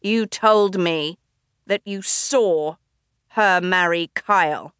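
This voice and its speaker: A man's voice: high-pitched, slow, bright, forceful tone, clear, resonant tone, no echo, clean studio sound, full character voice. A woman putting on a pompous theatrical cult leader. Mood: accusing. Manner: grandiose, theatrical, domineering.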